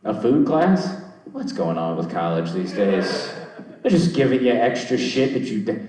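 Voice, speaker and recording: A man's voice: lowish voice, very animated, moderate pace, mellow, very echoey, distant mic, poor audio. A young man doing loose crowd work at a comedy show, rambling, swearing and mocking himself. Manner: rambling, swearing, self-deprecating. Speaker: stand-up comedian. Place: comedy club stage.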